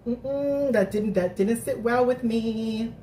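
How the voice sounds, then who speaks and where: A woman hosting a live recap stream, chatting casually to her viewers, animated and thinking out loud with lots of restarts. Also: a little high, slow, a little hiss or hum. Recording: roomy, distant mic.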